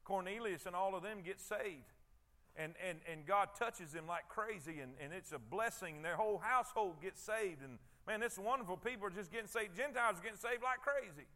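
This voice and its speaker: A man preaches a conversational sermon, often doubling back on his words. His voice sits very high and sounds bright and forceful. He keeps turning to the congregation to check that they are following. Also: fairly quick. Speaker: pastor.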